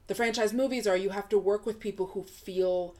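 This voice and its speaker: A woman guest on a casual podcast chat, animated and swearing freely as she explains film and comic history at length. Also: medium pitch, fairly quick.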